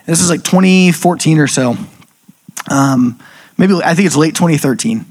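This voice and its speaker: Man, slightly high voice, casual testimony storyteller, filler-heavy. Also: normal speed. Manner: chatty, full of "like" fillers, animated quoted asides. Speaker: speaker sharing a personal testimony.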